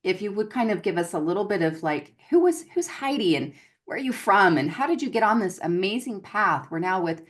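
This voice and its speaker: A woman's voice: medium pitch, sing-song, brisk. A woman hosting an online gratitude series, introducing her guest in an effusive, gushing way. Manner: effusive and gushing, calls listeners "y'all". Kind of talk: enthusiastic livestream interview.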